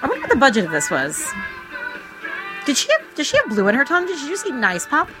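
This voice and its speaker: A woman chatting casually as she watches a movie with a friend, sarcastic and quick to joke. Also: high voice, wildly swooping pitch, music in the background, low-quality recording. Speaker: co-host.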